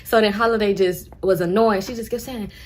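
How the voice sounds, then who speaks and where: A young woman telling a casual storytime, slangy, profane and animated. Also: medium pitch, brisk, a little hiss or hum.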